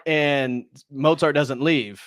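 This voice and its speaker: A man's voice: fairly high pitch, fairly even intonation, slow, fairly bright tone, smooth, no room sound, studio quality. A man hosting a casual movie review on a live stream, retelling scenes and now and then acting out the characters' lines. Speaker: host.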